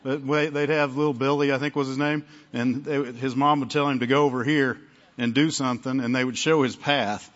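A man's voice: medium pitch, steady tone, fairly quick, a bit bright, highs cut off. A male pastor preaching a conversational sermon, often asking the congregation "amen?" and "right?".

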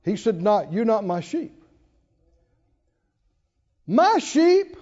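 A man preaching a sermon, emphatic, repeating phrases and building to shouts. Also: high-pitched, very animated, very slow. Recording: long hall reverb, dull lo-fi sound.

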